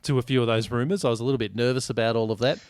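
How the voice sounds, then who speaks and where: A man's voice: mid-range voice, fairly even intonation, rapid-fire, clean tone, no room sound, clean studio sound. A man co-hosting a casual sports podcast, blunt and joking, swearing freely. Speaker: podcast co-host.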